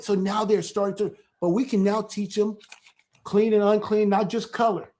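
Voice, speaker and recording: A man, a church elder, talking through an informal teaching in a lively way, often repeating himself and asking "right?". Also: high voice, normal speed. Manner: animated, keeps checking in with "right?"; repetitive, stumbles and restarts.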